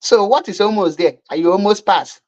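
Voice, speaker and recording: A woman with a Nigerian accent delivers commentary in a scornful, repetitive way. Her voice sits at an ordinary middle pitch. The audio is slightly dull and lo-fi. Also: brisk, a little mellow. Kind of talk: mocking online commentary.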